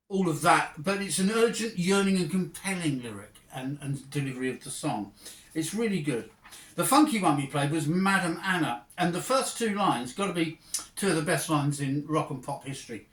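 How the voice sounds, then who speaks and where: A man's voice: a little high, lively intonation, fairly quick, a bit bright, roomy sound, recorded from a distance. A man hosting a casual album review, chatty and digressive with real enthusiasm. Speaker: music review host.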